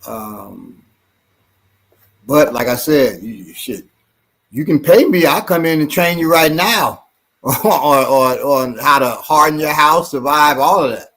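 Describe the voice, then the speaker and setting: A man's voice: a little high, lively intonation, takes it slowly, a bit bright. A man co-hosting a casual podcast, rambling with repeated words, occasional swearing and easy laughs. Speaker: show co-host and self-defense trainer.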